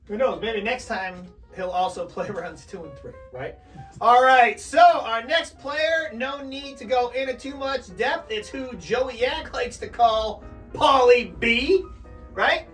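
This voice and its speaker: Loud joking young man co-hosting. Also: very high-pitched, slow. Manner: loud, joking, hyped segment intros. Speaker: podcast co-host. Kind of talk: casual sports banter. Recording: distant mic with faint music.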